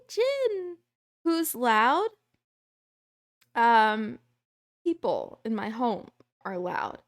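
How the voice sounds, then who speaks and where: A woman's voice: on the high side, no echo, studio quality. A young adult woman streamer chatting casually and playfully with her live chat, rambling from topic to topic. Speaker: VTuber streamer.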